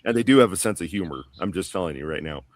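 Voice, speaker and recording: A man's voice: sits low, lively intonation, fast, no room sound. A man telling a long story on a podcast panel in a casual, rambling way, full of fillers and restarts. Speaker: guest.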